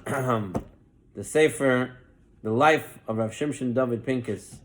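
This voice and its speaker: A man's voice: medium pitch, takes it slowly, a little hiss or hum. A man, a rabbi, giving a Torah class, telling a parable. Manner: animated parable-telling with lively voiced quotes.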